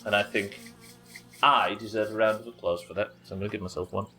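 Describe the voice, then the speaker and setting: A man hosting a live gaming stream chats casually with his viewers, joking and swearing freely. He talks fast in a fairly low, steady voice with a bright, forceful tone.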